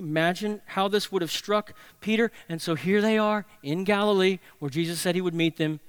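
A man preaching a sermon, telling a story dramatically, swinging between loud and hushed. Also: high-pitched, normal speed, hardly any pauses, clean tone, no room sound. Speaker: pastor.

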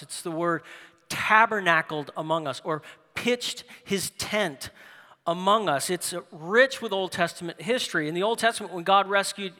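Middle-aged guy pastor preaching, high bright voice, lots of hall reverb, goes loud then quiet. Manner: animated storytelling, swinging from loud emphasis to hushed asides. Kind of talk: sermon.

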